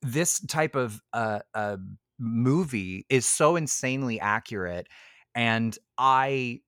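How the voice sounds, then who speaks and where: A man co-hosting a podcast in casual chat, animated and swearing freely as he acts out quotes. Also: mid-range voice, slow, smooth, no echo, clean studio sound. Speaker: podcast co-host. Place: Toronto.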